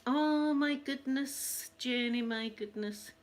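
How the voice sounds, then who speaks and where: Slow and high-sitting, the voice here is that of a middle-aged Scottish woman hosting an ASMR channel. She tells family stories in a casual chat, often laughing and acting out quoted voices.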